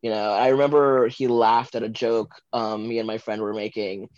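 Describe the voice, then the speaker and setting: A man's voice: fairly low pitch, normal speed, dry recording. Chatty man with a dull, dry sound. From Los Angeles, USA. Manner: chatty, rambling, many fillers like "like" and "um"; giggly, animated when retelling moments. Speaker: podcast guest. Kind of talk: casual storytelling interview.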